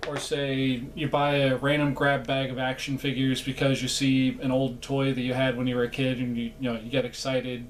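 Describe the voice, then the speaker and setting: A man's voice: medium pitch, level tone, moderate pace, few pauses, a little hiss or hum. A man chatting casually in a vlog, rambling and self-deprecating, with lots of fillers and asides. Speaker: vlogger.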